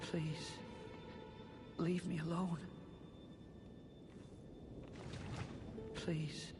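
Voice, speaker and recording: An actor playing a soft-spoken male knight who craves poison and sleep, in whispered role-play with a breathy voice. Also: a little high, little pitch movement, extremely slow. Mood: pleading. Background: game music.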